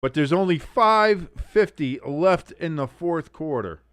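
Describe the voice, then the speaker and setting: A man's voice: a little high, expressive, slow pace, fairly bright tone, no room sound, studio quality. A man in his thirties streaming a watch-along, calling the plays himself, reading chat aloud and swearing freely when his team stumbles. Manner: profane, exasperated, swearing freely. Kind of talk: live play-by-play commentary with chat reading.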